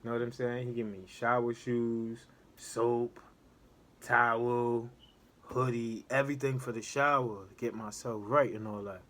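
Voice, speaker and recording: A man casually telling a story from his time in prison in a relaxed street manner, checking in with "know what I'm saying" again and again. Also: medium pitch, measured pace. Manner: laid-back street talk, keeps asking "know what I'm saying".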